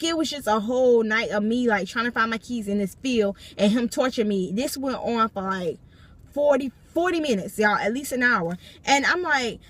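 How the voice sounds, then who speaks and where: A young woman vlogging from her parked car, her voice sitting a little higher than most. She tells her story with emphasis and keeps speaking straight to her viewers as she goes. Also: fairly bright tone. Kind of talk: storytime vlog.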